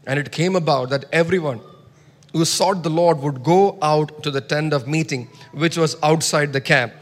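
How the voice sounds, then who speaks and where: Guy preaching a sermon, high voice, gets loud on the bible verses then goes quiet. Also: moderate pace, in a large hall. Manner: emphatic, swings between soft asides and loud scripture reading.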